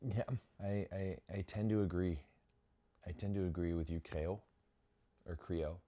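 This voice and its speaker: Deep-voiced man doing casual live commentary. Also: normal speed. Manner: reacts with sudden excited exclamations, restarts phrases. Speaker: watch-along host.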